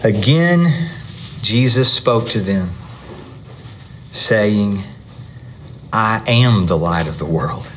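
A man's voice: fairly low pitch, animated, extremely slow, long pauses, a bit bright, a little hiss or hum. A man teaching a Bible class in a conversational style. He often asks the class questions and checks in with them.

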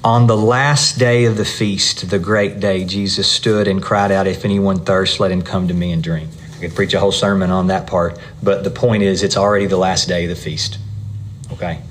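A man's voice: deep voice, flat delivery, moderate pace, a little hiss or hum. A man teaching a Bible class in a conversational style. He often asks the class questions and checks in with them.

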